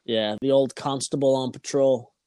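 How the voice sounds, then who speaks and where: Dry-sounding relaxed podcast guy. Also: medium pitch, moderate pace, smooth, dry recording. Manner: relaxed, brief reactions, profane. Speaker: podcast co-host. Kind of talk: casual chat.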